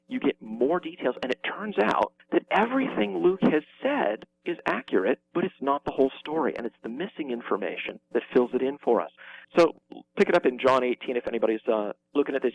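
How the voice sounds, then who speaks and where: A man talking as a radio interview guest, animated and emphatic, his pitch leaping up and down as he makes his point. The sound is dull and lo-fi, with a faint hum underneath. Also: vocal fry. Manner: animated, emphatic, quick restarts. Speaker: guest explaining biblical evidence.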